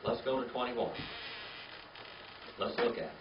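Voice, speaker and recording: A man's voice: medium pitch, fairly even intonation, unhurried, slight background noise. A man teaching a Bible class, spelling out words letter by letter and having the class repeat them. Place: classroom or church meeting room. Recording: echoey room, distant mic, dull lo-fi.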